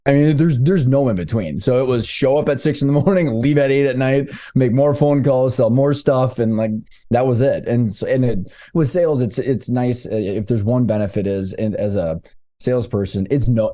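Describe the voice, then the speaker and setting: A man's voice: on the low side, mellow. A man in his thirties, a podcast guest telling his story in a candid, loose, casual way, with slangy asides and frequent restarts. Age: 30s.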